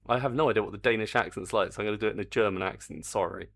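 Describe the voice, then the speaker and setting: A man's voice: on the low side, lively intonation, normal speed, vocal fry, fairly bright tone. An older man, chatting casually on a live stream while he works on a game, reading the chat aloud and swearing mildly.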